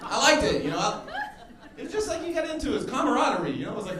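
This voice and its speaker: A man in his thirties doing a stand-up comedy set, telling stories and acting out other people with loud exclamations. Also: high-pitched, very animated, fast talker. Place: comedy club stage before a laughing crowd. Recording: roomy club sound with audience noise.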